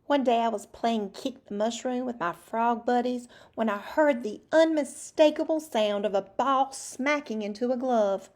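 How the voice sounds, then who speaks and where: A boastful young frog prince tells his side of the tale in a chatty, confiding way, as a woman reads him aloud from a picture book. The voice sits a little high. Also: unhurried, hardly any pauses, a little mellow, close to an everyday voice.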